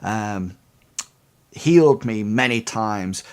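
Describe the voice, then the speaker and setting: Man voicing a solemn chainmail knight for a tabletop game, unhurried and grave. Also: fairly low pitch, gravelly, fairly bright tone, pitched below the performer's own voice, full character voice. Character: armored male knight, noble and self-sacrificing.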